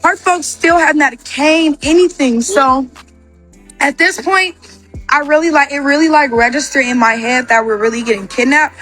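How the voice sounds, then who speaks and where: A woman's voice: high voice, a bit bright, faint music behind. A young woman telling a personal story in a casual storytime, rambling with constant "like" fillers. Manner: rapid, filler-heavy with constant "like".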